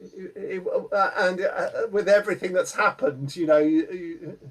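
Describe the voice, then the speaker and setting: A man with a slightly raised voice who speaks slowly and trips over his words, piling up "uh"s and restarts. He talks from home over a video call. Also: sits high, fairly bright tone, distant mic. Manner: halting, repeats words and stacks fillers. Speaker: folk club performer. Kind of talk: casual chat after singing a song. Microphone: computer mic on a video call.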